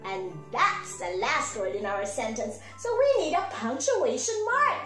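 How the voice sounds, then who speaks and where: A woman, a preschool teacher, giving a slow, sing-song morning lesson to small children. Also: fairly high pitch, wildly swooping pitch, fairly bright tone, echoey room, faint music behind. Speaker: pre-K teacher.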